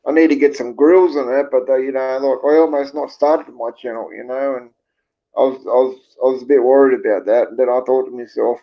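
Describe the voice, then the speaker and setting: This is an Australian man talking casually on a livestream, chatting with viewers and reading their comments. His voice is gravelly and sits in a middle pitch. He rambles, repeats himself and swears freely, and the stream audio sounds dull and lo-fi. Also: fairly even intonation, a little fast. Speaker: livestream host.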